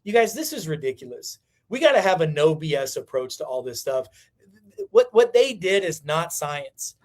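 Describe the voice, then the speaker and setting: A man's voice: a little high, big pitch swings, normal speed. A man hosting a livestream, giving a fiery, preachy monologue that hammers points home by repeating them. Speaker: livestream host.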